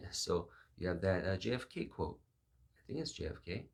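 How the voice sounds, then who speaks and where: A man's voice: sits low, expressive, normal speed, creaky. A man giving a reflective, sermon-style talk, musing aloud and acting out quoted voices.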